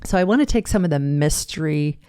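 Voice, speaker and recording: A woman host talks candidly into a close microphone, mixing jokes with frequent fillers, restarts and stumbles. Her voice sits low for a woman and sounds dry and close. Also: expressive, brisk, warm tone, clear, resonant tone, no echo. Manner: frank and joking, with many fillers and restarts. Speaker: podcast host and fitness coach. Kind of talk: candid personal podcast monologue. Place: seated at a home podcast desk. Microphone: studio microphone, seated.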